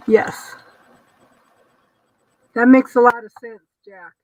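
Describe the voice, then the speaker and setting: A woman who is a tarot reader, reading oracle card messages aloud in a calm, measured way. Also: a little high, no room sound. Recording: dull, slightly distant mic.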